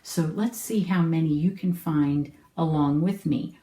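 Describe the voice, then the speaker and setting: A woman's voice: deep voice, measured pace, mellow, roomy sound. A middle-aged woman teaching an online homeschool lesson, explaining patiently and asking the viewer questions.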